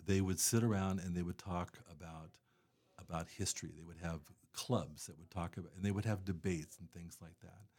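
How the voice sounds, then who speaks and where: A man's voice: low-pitched, steady tone, moderate pace, darkish tone, husky. A man talking casually as a guest about charity work, rambling with many fillers and restarts. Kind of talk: casual conversation.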